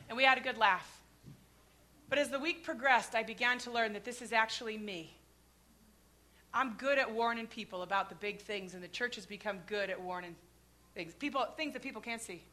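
Woman preacher, high voice, bright and forceful tone, animated storytelling, shouts and hushes. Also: brisk. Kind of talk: sermon with personal stories.

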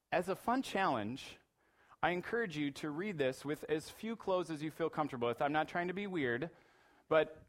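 Middle-aged guy preaching, kinda high voice, playful and animated, does little voices in his asides. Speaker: pastor. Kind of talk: sermon.

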